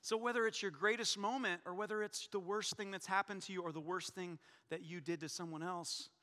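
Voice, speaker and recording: A man preaching a sermon as pastor, animated and joking, acting out prayers and quotes. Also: sits high, a little fast, in a large hall.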